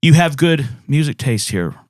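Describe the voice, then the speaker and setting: A man co-hosting a podcast in casual chat, reading listener comments in a jokey, animated way with many restarts. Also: fairly high pitch, moderate pace, no echo, clean studio sound. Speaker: podcast co-host.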